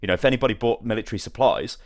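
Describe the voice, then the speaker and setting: A man's voice: lowish voice, very fast, dry recording, clean studio sound, close to an everyday voice. Stiff, officious army general, played by a man, formal and unbending. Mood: stern. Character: stern, officious military general, middle-aged man. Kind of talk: comic retelling of game dialogue.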